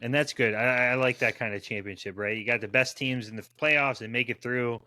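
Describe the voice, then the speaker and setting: A chatty male podcast co-host from Florida with a bright, forward tone. He keeps the talk upbeat and loose, dropping in fillers as he goes. The voice sounds dry and close to the mic. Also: medium pitch, steady tone, brisk, no room sound. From Florida, USA. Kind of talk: casual podcast chat.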